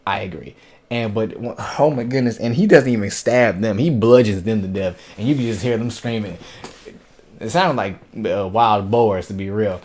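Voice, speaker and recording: A man with a fairly low voice talks through an anime episode in a loose, casual way. He retells the scenes with energy, dropping into quoted lines and sound effects as he goes. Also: moderate pace, a little mellow. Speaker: anime reviewer.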